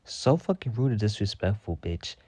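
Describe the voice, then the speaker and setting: Sassy cursing man with a mellow low voice. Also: very animated, moderate pace, breathy edge, dry recording. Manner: sassy, dramatic, heavy cursing. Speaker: storytime podcast host. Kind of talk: casual profane storytime rant.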